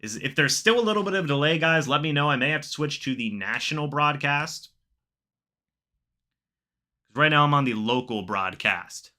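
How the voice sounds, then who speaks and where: A man hosting a live reaction stream, calling the plays himself and chatting with viewers. He gets excited during plays and mutters quietly in the asides. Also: mid-range voice. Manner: excitable, bursts up when plays happen, then mutters asides. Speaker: live stream host doing play-by-play. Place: home, watching the game on screen.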